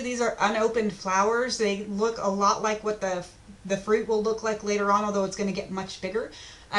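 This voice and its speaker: A woman's voice: medium pitch, fairly bright tone, slight background noise. A woman teacher giving a casual online lesson, chatty and informal, with plenty of ums.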